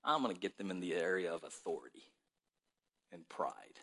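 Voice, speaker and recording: A hushed, conspiratorial serpent tempter plots in a low, sly murmur, as a man preaching puts him on. The voice drops well below the speaker's own, yet keeps a tense, bright edge. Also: big pitch swings, normal speed, slightly rough, full character voice. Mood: scheming.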